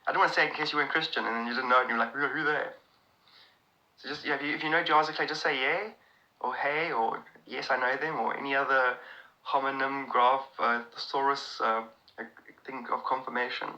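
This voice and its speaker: A South African comedian chatting casually on a live stream, answering viewers' comments in a rambling, excitable way with many restarts. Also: male voice, mid-range voice, fairly quick, highs cut off.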